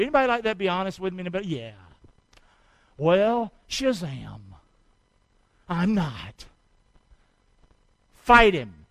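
A male pastor preaches to his church, with a high-pitched voice recorded close and dry. He exhorts the listeners and keeps calling for their response, breathing hard from the effort. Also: fairly bright tone, no room sound, rough recording. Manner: exhorting, calls for congregation response. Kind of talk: sermon with a live demonstration.

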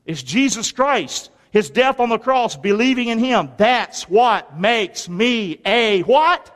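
A man preaching a lively, folksy sermon in a church, calling the congregation to answer back. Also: extremely high pitch, measured pace. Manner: folksy, call-and-response preaching. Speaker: pastor. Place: large church sanctuary. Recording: long reverb of a large hall.

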